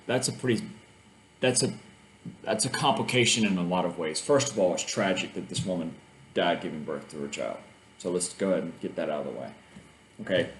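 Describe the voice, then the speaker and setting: A man teaching high school literature in a casual video lesson from home, talking through a play in a conversational way and reading lines aloud. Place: home living room. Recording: echoey room with faint ambient noise.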